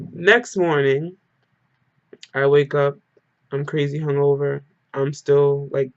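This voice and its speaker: Talking directly to camera, this man has a slightly high voice and tells an emotional story in a casual storytime vlog, leaning heavily on "like." The recording is dull, lo-fi and dry, without any room sound.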